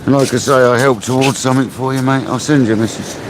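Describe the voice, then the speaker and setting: A man fishing on a live stream chats casually with viewers, laughing often and calling them mate, in a mid-range, fairly even voice at a fast pace. His outdoor mic picks up loud surf from the ocean waves.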